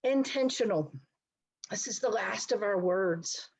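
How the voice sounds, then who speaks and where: A woman's voice: mid-range voice, measured pace, a little mellow, breathy edge, low-quality recording. A middle-aged woman counselor giving an online talk, speaking conversationally and addressing her listeners directly. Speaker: licensed counselor presenting a talk. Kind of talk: online presentation to a society.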